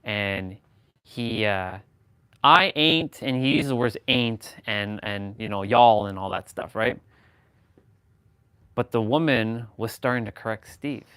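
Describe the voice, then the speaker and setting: A man's voice: fairly low pitch, measured pace, clear, resonant tone, dry recording. Rambling man chatting casually. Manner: rambling, animated, many fillers and restarts. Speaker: host. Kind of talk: casual chat.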